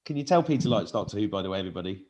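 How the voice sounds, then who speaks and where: A man's voice: on the low side, lively intonation, rapid-fire, lo-fi sound, crowd noise. A man hosting a live video call, chatting and welcoming guests with a chuckle. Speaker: host. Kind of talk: casual live stream chat.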